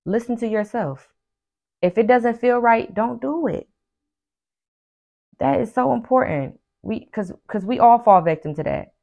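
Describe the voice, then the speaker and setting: A woman's voice: on the high side, vocal fry, warm tone, highs cut off. A woman hosting a podcast, giving casual motivational advice in an emphatic, preachy way, repeating her key phrases and acting out what her friends say. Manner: acts out friends' lines in quick asides. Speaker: podcast host and life coach.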